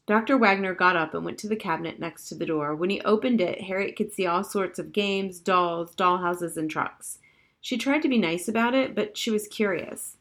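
A woman reading a children's novel aloud in an even, measured storybook narration. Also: mid-range voice. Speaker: audiobook narrator.

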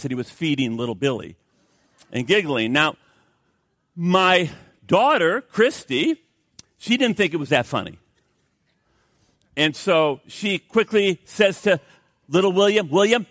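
An older man, a pastor, preaching a sermon with lively storytelling and jokey asides to the congregation. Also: fairly high pitch, no room sound, studio quality.

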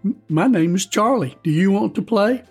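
A man voicing an eager, boastful young boy in a spoken storybook, talking in a bragging, excitable way. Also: sits high, normal speed, breathy edge, faint music behind, voice pushed up, full character voice.

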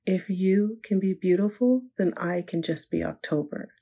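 A woman's voice: fairly low pitch, normal speed, creaky, dark tone, breathy edge. An older woman voicing her four-year-old grandson, a cheerful, stubborn little boy who talks in a childlike, matter-of-fact way. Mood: sweetly insistent.

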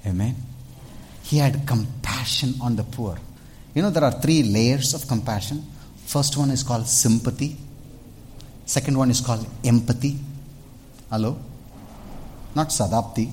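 Male pastor, mid-pitched, lively preaching to a congregation. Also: measured pace, long pauses, a little hiss or hum. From India. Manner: animated, calls out "Hello?" to the congregation, dramatic shifts in loudness. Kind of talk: sermon. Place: church.

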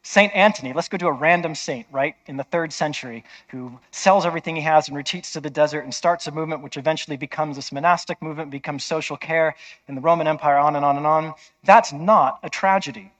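A man's voice: a little high, fairly even intonation, fast talker, a bit bright. A man preaching a sermon in an emphatic, conversational way, often checking with listeners.

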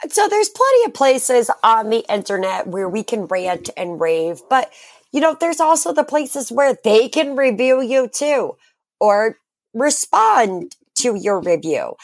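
A woman's voice: on the high side, very animated, unhurried, dry recording, studio quality. A young woman co-hosting a podcast, telling a story in casual, profane chat. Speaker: podcast co-host.

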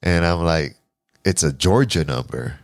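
A man in his forties shares his life story as a podcast guest, his voice sitting very low. He talks casually and animatedly, acting out his own past lines and swearing freely. The recording is close and dry. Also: unhurried, vocal fry, no room sound. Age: 40s. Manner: animated, profane, restarts and quotes himself.

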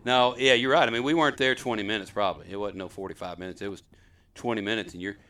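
A man's voice: fairly low pitch, steady tone, fast, sharp tone. A middle-aged man and father hosting a hunting video, telling the story in a chatty, rambling way and quizzing his sons. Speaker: host, hunter and father. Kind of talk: casual storytelling to camera.

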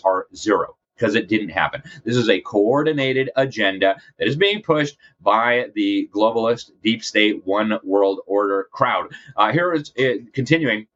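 A man's voice: on the low side, fairly bright tone. A man from South America hosting a political commentary show, emphatic and scornful, often addressing listeners as folks. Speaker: guest host. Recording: dull lo-fi sound.

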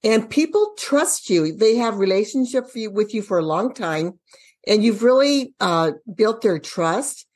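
A woman's voice: mid-range voice, animated, measured pace, darkish tone, husky. Encouraging woman interviewer. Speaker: interviewer, business coach. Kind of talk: casual interview.

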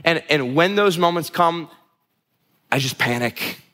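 A man's voice: on the high side, lively intonation, unhurried, bright, forceful tone. A young man preaching a sermon, earnest and confessional, often restarting his sentences. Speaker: pastor. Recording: long hall reverb.

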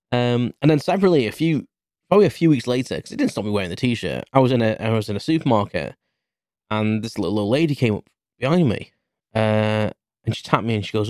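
A man's voice: medium pitch, lively intonation, fast talker, a little mellow, dry recording, clean studio sound. A British man in his thirties, a podcast host rambling through a casual story with many restarts. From United Kingdom.

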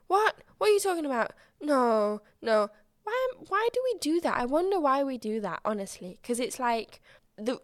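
Frank, animated woman podcaster. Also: high voice, dry recording, studio quality. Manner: candid, expressive, swears freely. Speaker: podcast host. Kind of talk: casual solo podcast chat.

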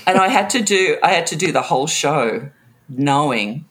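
A middle-aged woman swaps tour stories on an interview show, her pitch climbing and dropping all over as she acts out what people said. She swears freely, laughs between phrases and keeps the tale moving in easy, casual talk. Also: lively intonation, normal speed, a little hiss or hum. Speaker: guest, live sound engineer. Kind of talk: casual storytelling anecdote.

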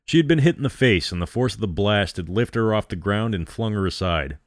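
A male storyteller reading a dramatic story aloud, measured and dramatic. His voice is very low and deep. The recording is dry and close. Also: expressive, dry recording. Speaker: storyteller host.

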